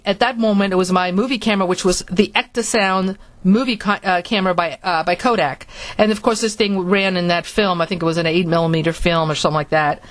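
A woman from Florida telling a personal story in a halting manner, with many restarts. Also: medium pitch, fairly bright tone. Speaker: speaker recounting her experiences.

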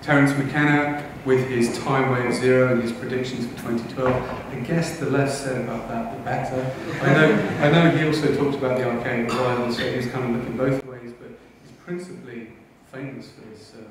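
A man's voice: medium pitch, steady tone, a little fast, hardly any pauses, noisy background. A man giving a conference lecture, eager and wry, with asides to the audience. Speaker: conference speaker. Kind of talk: lecture talk. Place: conference hall. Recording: echoey hall, heard from a distance.

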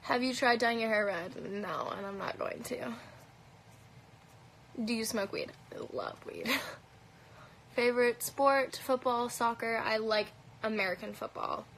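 A woman's voice: fairly high pitch, unhurried, gravelly, long pauses, a bit bright, a little hiss or hum, poor audio. A woman with a light Canadian accent chatting casually on a phone livestream, answering comments in a blunt, profane way with plenty of "um"s and "like"s. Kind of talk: casual live Q&A chat. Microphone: phone held at arm's length.

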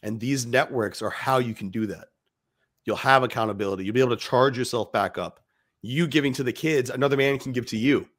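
A man's voice: medium pitch, a little fast, fairly bright tone. A man co-hosting a podcast, giving blunt, profane, emphatic motivational talk to fathers. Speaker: podcast co-host.

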